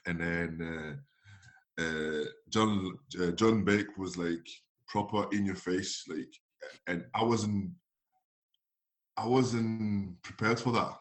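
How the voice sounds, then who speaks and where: Animated, laughing former footballer telling stories. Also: male voice, deep voice, slow pace. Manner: animated, laughing often, acting out others' voices. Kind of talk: casual storytelling in an interview.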